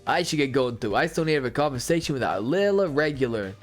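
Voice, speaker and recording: An actor voicing a quick-talking game hero narrating. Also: male voice, mid-range voice, lively intonation, faint music behind, close to an everyday voice. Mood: thoughtful.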